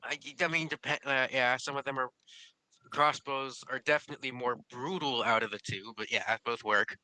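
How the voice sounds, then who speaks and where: A man playing in a voice-chat role-play game, his tone very bright and forward. The sound is dry and close, with no room around it, and he stumbles over restarts as he talks. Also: mid-range voice, steady tone, normal speed, no room sound, low-quality recording. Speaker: player.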